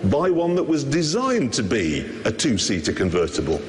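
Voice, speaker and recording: Man, TV motoring presenter, sardonic, mock-outraged, wildly swooping pitch, faint background hiss. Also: huge pitch swings, moderate pace. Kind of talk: scripted TV presenting.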